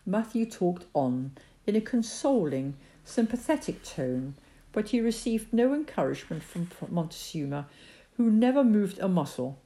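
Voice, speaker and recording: A woman narrating a children's story in a calm, measured reading voice. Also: medium pitch.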